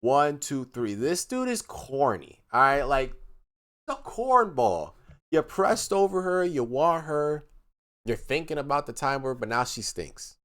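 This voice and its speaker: A man streaming live, reacting to text messages in casual commentary, mocking and animated, reading quotes in a flat voice. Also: on the high side, unhurried.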